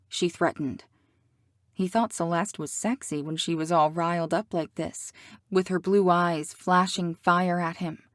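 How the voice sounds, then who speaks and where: A woman narrating a romance audiobook in an even, measured reading style. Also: lowish voice, no room sound, studio quality.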